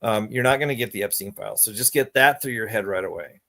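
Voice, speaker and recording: A man's voice: fairly low pitch, fast talker, vocal fry, sharp tone. A man talking to his audience in a rambling, exasperated way, restarting his sentences as he goes. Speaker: vlogger. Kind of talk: casual monologue to camera.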